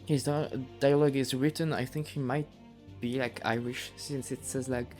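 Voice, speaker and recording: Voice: medium pitch, fairly even intonation, normal speed, a little mellow, soft background music. A streamer chatting casually and giggling between lines during a group fan dub. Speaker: streamer voicing the defense lawyer.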